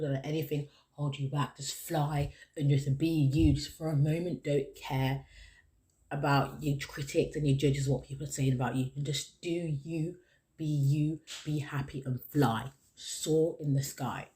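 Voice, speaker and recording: Solo podcast host, sincere pep-talk delivery, circles back to the same phrases, mid-range pitch. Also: darkish tone. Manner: earnest and encouraging, repeats key phrases.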